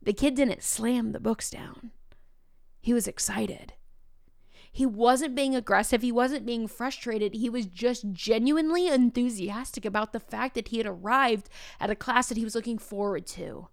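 A woman's voice: fairly high pitch, moderate pace, gravelly, no room sound, studio quality. A woman teacher talking casually and telling upbeat classroom stories. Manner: upbeat, storytelling. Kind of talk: casual podcast talk.

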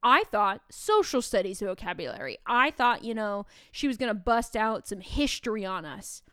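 Lively woman telling classroom stories. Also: mid-range voice, normal speed, clean tone, dry recording, studio quality. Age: 30s. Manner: lively storyteller acting out classroom dialogue. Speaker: teacher and podcast co-host. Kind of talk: casual podcast chat.

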